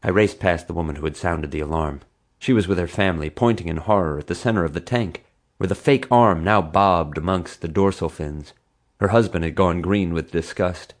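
A man's voice: low-pitched, normal speed. A man narrating a children's adventure audiobook in a dry storytelling manner. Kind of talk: scripted narration.

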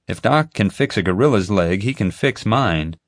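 A man voicing a practical mother in an audiobook, slow and matter-of-fact. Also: on the low side, animated, no echo, studio quality. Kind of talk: audiobook character voice.

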